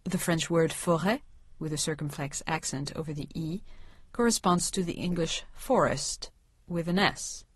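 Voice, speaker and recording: A woman with a lowish voice reads a language lesson as scripted narration, every word clearly enunciated. She slows down to set example words apart. The sound is close and dry, with no room around her. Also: no room sound.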